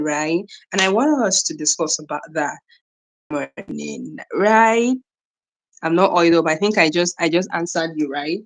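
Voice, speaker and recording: On her casual morning livestream, a young Nigerian host talks a little slowly in a voice on the low side, greeting viewers by name and repeating herself often.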